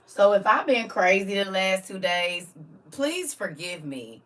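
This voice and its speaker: A middle-aged woman chatting casually to viewers on a live stream, emotional and animated, laughing often and swinging from quiet musing to loud exclamations. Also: medium pitch, a little slow. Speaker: livestream host.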